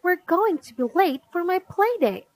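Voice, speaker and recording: A bossy little girl, put on by a woman reading aloud, who insists and complains in a high voice that swings up and down. She talks slowly and deliberately. The sound is close and dry. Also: big pitch swings, no room sound, heavily acted, rough recording. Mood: demanding.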